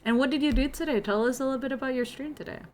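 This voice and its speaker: A young woman chats with her stream audience. She sounds bubbly and greets people by name, and her voice sits a little high. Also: rapid-fire, darkish tone, slight background noise. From Jakarta, Indonesia. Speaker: livestreamer. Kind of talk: casual stream chat.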